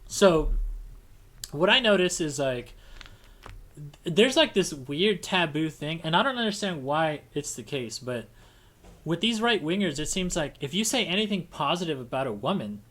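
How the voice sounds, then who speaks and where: A man's voice: fairly high pitch, sing-song, normal speed, fairly bright tone. A man hosting a casual livestream conversation, talking in a rambling way with many restarts and fillers. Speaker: podcast host.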